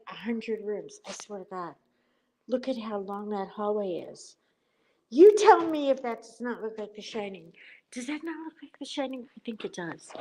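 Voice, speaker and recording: A middle-aged woman chatting casually on a livestream from a hotel room, animated, joking and gasping as she talks into a tablet. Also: a little high, rough recording. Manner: chatty and animated, jokes and gasps. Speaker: livestream host. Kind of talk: casual live chat. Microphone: tablet camera.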